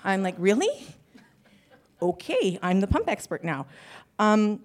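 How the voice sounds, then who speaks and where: A woman's voice: medium pitch, expressive, moderate pace. A woman panelist at a live conference, talking in a chatty, self-deprecating way and laughing often. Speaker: panelist, business owner.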